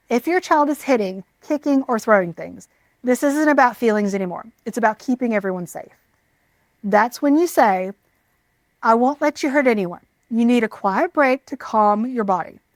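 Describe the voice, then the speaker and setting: A woman giving scripted parenting advice in a calm, measured, reassuring way. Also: fairly high pitch, no echo. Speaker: parenting educator.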